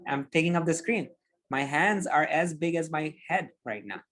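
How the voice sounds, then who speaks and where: A man giving public speaking tips on a podcast over a video call, explaining in an animated, demonstrative way. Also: fairly high pitch, normal speed. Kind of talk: instructive podcast conversation.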